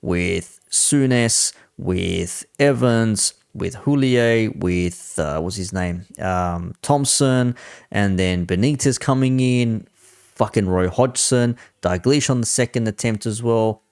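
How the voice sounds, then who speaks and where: A man's voice: lowish voice, a little slow, creaky, darkish tone, smooth, dry recording, studio quality. Blunt, sweary man ranting about football. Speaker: football panelist, Liverpool fan. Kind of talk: heated football debate.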